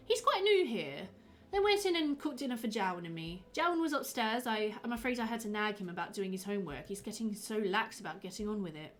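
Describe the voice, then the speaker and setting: A woman's voice: on the high side, lightly acted. A woman reading a chatty, fussy village pharmacist.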